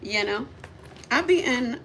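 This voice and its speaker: A woman's voice: fairly high pitch, takes it slowly, slight background noise. A woman livestreaming from her car, telling a story in a casual, chatty way, laughing often and speaking straight to her viewers. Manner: laughs often, giggly and animated; chatty, addresses viewers directly. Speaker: livestream host.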